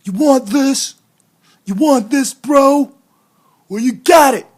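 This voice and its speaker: A man putting on a taunting, pumped-up male wrestler, shouted and high. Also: takes it slowly, heavily acted.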